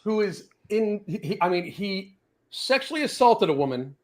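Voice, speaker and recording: Man, high-pitched and swinging, swears constantly as a casual podcast host. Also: moderate pace. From US South. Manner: profane, animated ranting. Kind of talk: casual rant chat.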